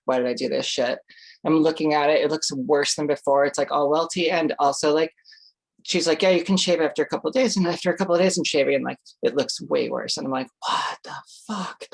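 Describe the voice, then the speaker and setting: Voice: mid-range voice, fast, gravelly. An adult vlogger telling a personal story in a casual, rambling way, full of fillers, swearing freely and acting out their own reactions.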